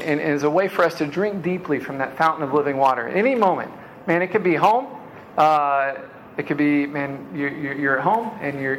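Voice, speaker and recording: A man preaching in a relaxed, chatty way with a somewhat high voice. He sprinkles in quick asides and often trips back over a word before pressing on. A faint hum sits behind him. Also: poor audio. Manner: casual conversational preaching, frequent "man" and "right?" asides; repeats words while restarting. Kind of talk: sermon.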